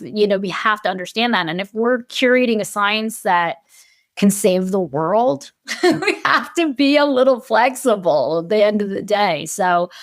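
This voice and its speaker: A woman researcher with a medium-pitched voice talks animatedly as a guest in a conversational podcast interview, often performing the voices of people she quotes. The studio-quality recording has no echo.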